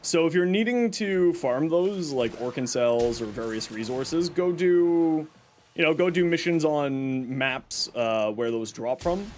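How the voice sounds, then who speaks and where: A man's voice: a little high, animated, a little slow, a little mellow, slight background noise. A man streaming a video game, chatting casually and explaining tips to his viewers. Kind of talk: casual gameplay commentary.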